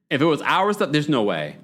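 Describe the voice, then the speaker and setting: A man hosting a podcast, casually recapping a reality show in an animated, gossipy way and laughing often. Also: fairly high pitch. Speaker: podcast host.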